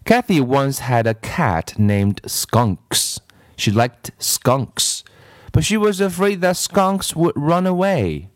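A man's voice: a little high, big pitch swings, slow pace, no echo, clean studio sound. A man reading a children's story aloud with playful asides to the listener. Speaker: reader.

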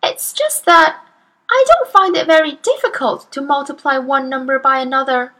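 A woman reading a storybook, voicing a tiny, serious five-year-old girl who answers quietly and politely. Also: high voice, moderate pace, pitched above the performer's own voice. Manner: quiet, polite, matter-of-fact.

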